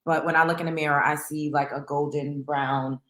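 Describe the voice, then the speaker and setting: Woman on a livestream, bright voice, chatty, echoey room. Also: deep voice, little pitch movement, normal speed. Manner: chatty, greets viewers by name. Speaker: livestream host. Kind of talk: casual livestream chat.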